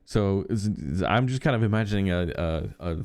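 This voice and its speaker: Low-pitched male podcast co-host, dry recording; loose, rambling storyteller who restarts sentences. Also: lively intonation, normal speed, a little mellow, dry recording. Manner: rambling anecdotes with frequent fillers and restarts. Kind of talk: casual chat.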